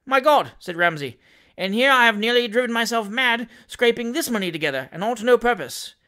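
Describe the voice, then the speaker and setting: A man's voice: very high voice, animated, brisk, sharp tone, voice pushed up, exaggerated voice. A man reading aloud and voicing a poor, desperate debtor pleading in distress. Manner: pleading, agitated.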